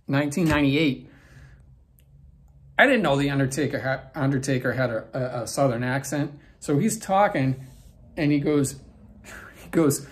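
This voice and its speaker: A man in his forties hosts his own vlog, casually telling a backstage story in a rambling way full of fillers and restarts. His mid-range voice moves at normal speed, broken by long pauses.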